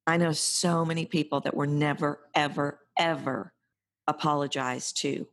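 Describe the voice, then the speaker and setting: A woman's voice: deep voice, fairly even intonation, normal speed. A middle-aged woman hosting a podcast, giving earnest, emphatic parenting advice in a coaching monologue.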